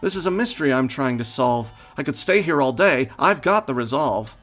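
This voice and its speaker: A man's voice: medium pitch, expressive, moderate pace, a bit bright, faint music behind, close to an everyday voice. A man putting on a pushy young woman sleuth. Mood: indignant. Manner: insistent.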